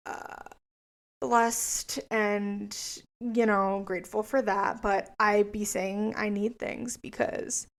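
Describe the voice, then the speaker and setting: A woman's voice: mid-range voice, level tone, takes it slowly. A young woman in her twenties hosting a casual solo podcast, chatty, rambling and profane. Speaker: podcast host.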